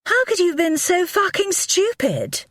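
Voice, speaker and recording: Woman doing a snooty wife, high and shrill, sneering, dry close mic. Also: very animated, moderate pace, a bit bright, dry recording. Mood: furious. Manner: shrill and contemptuous. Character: sharp-tongued upper-class wife, brittle and scornful. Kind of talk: audiobook character voice.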